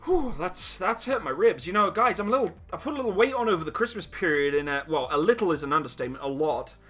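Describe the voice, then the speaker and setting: A man's voice: sits high, expressive, quick pace, bright, forceful tone, faint music behind. A young man hosting a casual live chat stream, reading out donations and laughing often at himself. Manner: laughs often, giggly and self-mocking. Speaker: livestream host reading donations.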